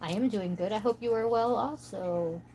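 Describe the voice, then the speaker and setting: A woman from the States chats through a relaxed coloring livestream, wandering from one thought to the next as she talks to her viewers. Her voice sits at a middle pitch, and a faint hiss hangs behind it. She sometimes drifts a little off the mic. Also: moderate pace, poor audio. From United States. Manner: rambling, chatty, talks to viewers' comments. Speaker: livestream host. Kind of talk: casual chat while coloring.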